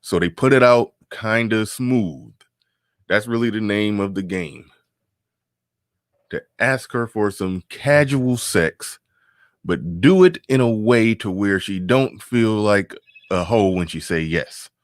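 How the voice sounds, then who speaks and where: During a loose, casual live stream, a man with a very low voice reads chat comments aloud, chuckles between points, and repeats his phrases. He's animated yet slow-paced, and the recording is close and dry with no room sound.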